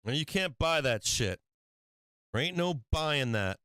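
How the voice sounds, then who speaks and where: A man's voice: a little high, expressive, unhurried, bright, forceful tone, clean tone, no room sound. A man hosting a stock trading livestream in casual chat, rambling and swearing freely, often breaking into laughter.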